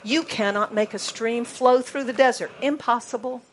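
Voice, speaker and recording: An American woman preaching a sermon in a playful way, spelling words out letter by letter and dropping to a hushed voice for emphasis. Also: fairly high pitch, normal speed, slight background noise. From United States.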